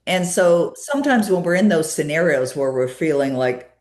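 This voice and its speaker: A woman guest in an interview, telling a personal story with many fillers and a lively retelling of conversations. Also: deep voice, normal speed, roomy sound.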